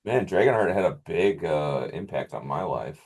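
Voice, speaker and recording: A man's voice: sits low, animated, moderate pace, gravelly, darkish tone. A man co-hosting a casual film podcast, laid-back with short replies. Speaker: podcast co-host. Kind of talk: casual chat.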